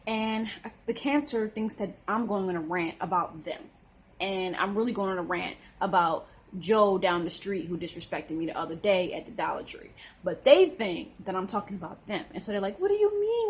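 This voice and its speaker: A woman's voice: medium pitch, low-quality recording. A young woman, talking to camera in a blunt, sassy, opinionated monologue. She often acts out the people she talks about. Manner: blunt and sassy, with voiced impressions of others. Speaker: astrology vlogger.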